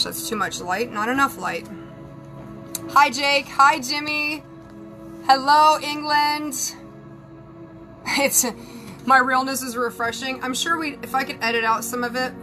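In a casual live stream, a psychic and spiritual advisor with a Southern US accent talks frankly to viewers while working on her hair and makeup. Her voice sits high, and the audio is poor.

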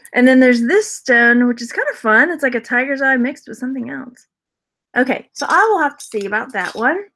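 A woman's voice: sits high, expressive, normal speed, a bit bright. A woman casually chatting through a jewelry unboxing haul as a reseller vlogger, rambling, laughing often and answering viewer comments. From Texas.

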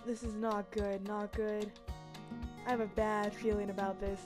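A woman's voice: medium pitch, flat delivery, unhurried. A woman giving casual let's-play commentary, reacting aloud with strong emotion and frequent exclamations. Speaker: gamer playing a story game. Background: game music.

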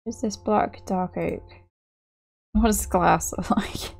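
A woman's voice: medium pitch, fairly even intonation, slow, gravelly, darkish tone. A young woman giving gameplay commentary as a channel host, apologetic and self-mocking, often laughing at her own work.

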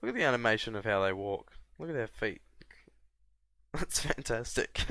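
A man from Australia, casually commentating a strategy game and often breaking into high excited yelps and laughs. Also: normal speed, no room sound, clean studio sound. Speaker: gameplay commentator. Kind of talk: casual let's-play commentary.

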